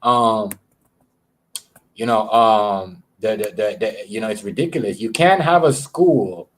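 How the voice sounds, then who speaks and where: A man's voice: fairly low pitch, a little slow, a little hiss or hum. A man chatting casually on a livestream, rambling and swearing, often repeating words as he talks to his viewers. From Canada. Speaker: live streamer.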